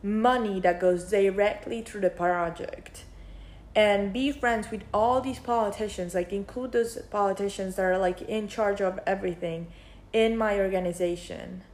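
A woman's voice: mid-range voice, fairly even intonation, moderate pace, darkish tone, echoey room. A young woman vlogging, thinking aloud in a rambling, casual way with many fillers. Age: young adult. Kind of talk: casual reflective monologue.

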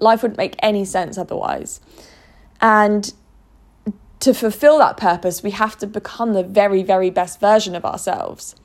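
A woman talking to camera in an earnest, emotional vlog monologue, often restarting her sentences. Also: mid-range voice. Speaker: vlogger.

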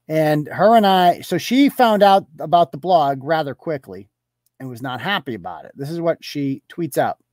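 A man hosting a live online show reads posts from his screen aloud and talks back to them with sarcastic, profane mockery, chuckling as he jabs. His voice is on the high side, animated and darkish, at a moderate pace. The recording is dry and close-miked, with no sense of a room around it.

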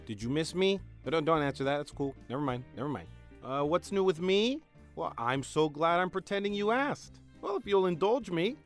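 A young man hosting a podcast, doing a sarcastic comedic monologue that swings between loud bits and mumbled asides. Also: sits high, expressive, moderate pace, faint music behind. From Mexican-American. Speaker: podcast host.

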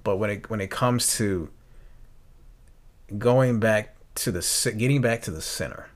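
Young guy hosting a podcast, lowish voice, earnest and reflective, lots of ums and restarts. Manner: earnest, halting with restarts and fillers. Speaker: podcast host. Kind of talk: reflective personal talk.

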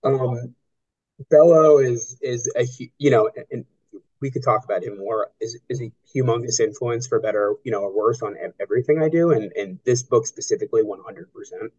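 A novelist in his thirties answering interview questions, talking in a halting way with frequent restarts and fillers. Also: medium pitch, darkish tone, breathy edge, lo-fi sound. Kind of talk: conversational interview.

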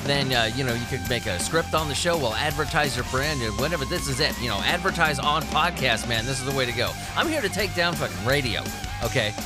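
Speaking fairly quickly in a mid-range voice over loud music, a man hosts a casual podcast. He's lively, crude and jokey with lots of laughing, but coughing fits keep cropping up as he recovers from being ill.

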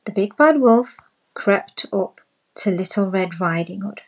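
A woman narrating a children's storybook in a slow, deliberate reading voice. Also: medium pitch, lively intonation, gravelly, poor audio.

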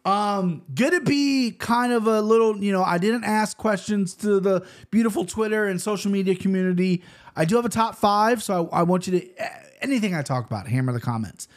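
A man in his thirties hosting a casual fight-sports betting show, rambling quickly with restarts and the odd curse. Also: high-pitched, animated. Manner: rambling, fast-talking with frequent restarts and swearing. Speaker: show host. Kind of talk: casual MMA betting commentary.

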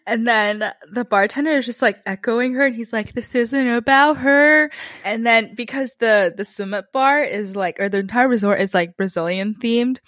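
Podcast co-host, woman, mid pitch, animated recap voice, dry close-mic sound. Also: normal speed, few pauses, no room sound. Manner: animated retelling with playful character voices. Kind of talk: casual chat recapping a TV show.

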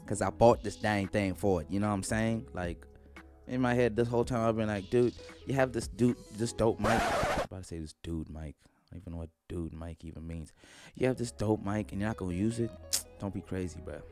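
A man's voice: low-pitched, a little fast, over music. A young man vlogging from his bedroom into a studio microphone, joking and rambling in slang with lots of fillers. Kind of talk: casual rambling vlog.

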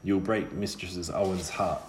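A man voicing a sharp-tongued ghostly witch girl in an audiobook reading. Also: deep voice, fairly even intonation, a little slow, reverberant, background noise. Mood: scolding.

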